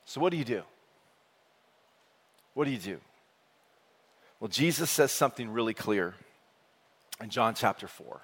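A man preaching a sermon with energetic call-and-response delivery. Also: medium pitch, unhurried, long pauses, slightly rough. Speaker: pastor. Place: church sanctuary. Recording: long hall reverb.

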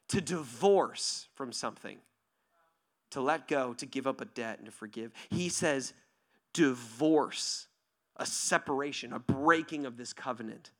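Male preacher, bright and forceful tone, chatty sermon delivery with big swings from loud to whispered. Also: mid-range voice. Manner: animated, conversational, asks "right?" constantly; swings from near-shouting to hushed whispers. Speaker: pastor.

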